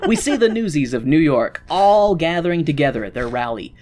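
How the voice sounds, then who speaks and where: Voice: mid-range voice, big pitch swings, brisk, hardly any pauses, a little mellow. A host from the Midwestern United States giving a sarcastic, joking recap of a story's plot. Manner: sarcastic, jokey, slips into voices.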